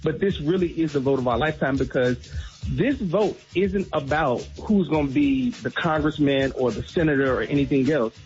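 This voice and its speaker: A man calls in as a radio guest and speaks earnestly and emphatically as he lays out his points. His voice sits a little high. The line sounds dull and lo-fi, with faint music underneath. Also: expressive, normal speed, darkish tone. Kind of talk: casual radio commentary.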